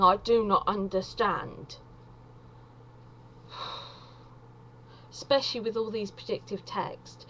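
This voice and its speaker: A woman from England talks her way through a homemade stand-up set, chatty and self-mocking, drifting off into asides. Her voice sits a little high, and she takes her time, unhurried and loose. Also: rough recording. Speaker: vlogger doing stand-up. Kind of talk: rambling stand-up monologue.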